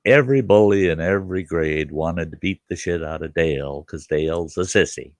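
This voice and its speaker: A deep-voiced older man with a gravelly, creaky edge spins a folksy tale, chuckling as he goes. He acts out the other people in the story while he talks. The sound is dry and close, with no room echo. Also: moderate pace. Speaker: storyteller host. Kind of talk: casual spoken storytelling.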